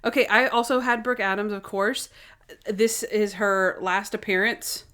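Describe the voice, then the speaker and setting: A woman's voice: mid-range voice, steady tone, bright, forceful tone. Chatty woman podcast co-host. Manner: chatty, rambling recap with quick asides. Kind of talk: casual chat.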